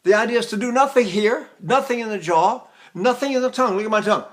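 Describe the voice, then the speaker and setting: A man in his eighties teaching vocal technique, explaining in an easy conversational way and breaking into falsetto vocalises and sung vowels. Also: fast talker, a bit bright. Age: 80s.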